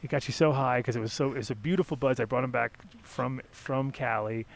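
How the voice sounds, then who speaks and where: Speaking a little fast in a creaky, medium-pitched voice, this middle-aged man hosts a podcast. He's animated, swears freely, and fills his casual storytelling with fillers.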